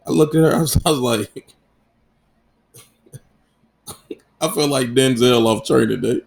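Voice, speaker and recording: A man in his thirties talks alone into his podcast mic, loose and unscripted. He swears freely and jokes his way through family stories, his voice sitting at an ordinary middle pitch. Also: takes it slowly, gravelly. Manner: profane, joking, storytelling. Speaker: podcast host. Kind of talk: casual solo podcast chat.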